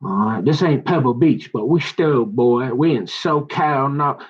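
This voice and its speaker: A man's voice: mid-range voice, unhurried, breathy edge, muffled recording. A man talking in a loose, slangy, rambling monologue that jumps from one story to the next and keeps restarting his sentences.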